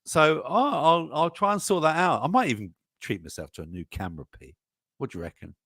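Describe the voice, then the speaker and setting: Chatty man in his sixties, lively. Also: a little high, a little fast, no echo, studio quality. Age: 60s. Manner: chatty, laughs often, tells stories animatedly. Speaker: co-host of a live chat show. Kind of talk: casual chat reading viewer comments.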